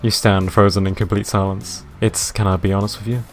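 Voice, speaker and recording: Low-voiced streamer guy reading a game out loud all deadpan, quiet music under it. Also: brisk. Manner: deadpan, dry reading with chatty asides. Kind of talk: live stream game narration and chat.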